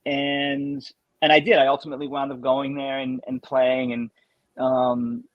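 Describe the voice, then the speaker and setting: A man being interviewed as a guest drummer, telling anecdotes in a casual, animated way and often restarting his sentences. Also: medium pitch, unhurried, no room sound, dull audio.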